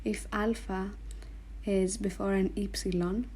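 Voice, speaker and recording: This woman's mid-range voice is mellow and husky, with little pitch movement, as she explains Greek letter combinations on a board. She moves slowly and patiently, spelling out sounds and repeating each for the learner.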